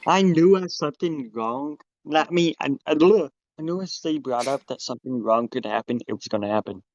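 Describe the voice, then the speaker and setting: A man's voice: fairly high pitch, brisk, dry recording. A young man dropping short, blunt remarks in casual podcast chat. His voice comes through a dull, lo-fi mic with no room sound at all. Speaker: podcast guest.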